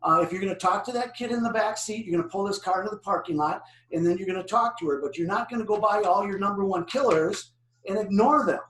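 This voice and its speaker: A man's voice: sits high, fast talker. Older man telling stories in an echoey room. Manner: animated storytelling with questions to the audience. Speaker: driver safety presenter. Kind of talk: presentation to an online audience. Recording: echoey room, distant mic.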